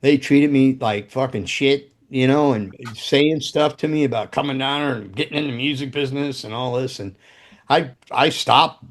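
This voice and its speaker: A man's voice: medium pitch, normal speed. A man telling rambling, profane stories in casual chat as a podcast guest. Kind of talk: casual storytelling.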